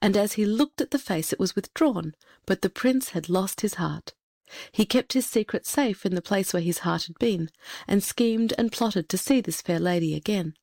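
A woman narrating a fairy tale in a measured, expressive storytelling manner. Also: medium pitch, gravelly, no room sound, clean studio sound.

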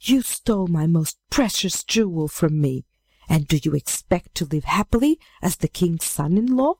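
A scorned witch maiden hurls stern accusations, as a woman reads her lines. The voice sits low and mellow, and the recording is dry and close. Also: lively intonation, normal speed, no room sound. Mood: accusing.

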